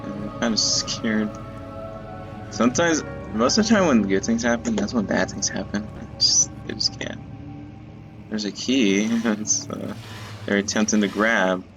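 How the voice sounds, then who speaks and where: A man's voice: fairly low pitch, animated, unhurried, creaky, over music, low-quality recording. A man giving casual, jokey let's-play commentary, often stumbling over words and mocking himself. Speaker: gaming YouTuber.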